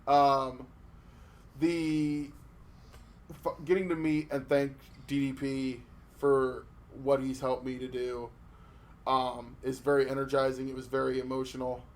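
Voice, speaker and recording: A man co-hosting a casual podcast, telling stories in an animated way with lots of swearing and restarts. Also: medium pitch, slow, pauses often. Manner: animated storytelling with profanity and restarts. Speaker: podcast co-host.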